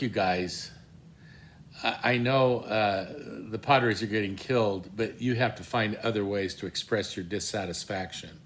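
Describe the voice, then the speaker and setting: A man's voice: on the low side, fairly bright tone, slight background noise. An older man telling a casual, wry, self-deprecating story, with many fillers and restarts. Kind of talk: casual anecdote.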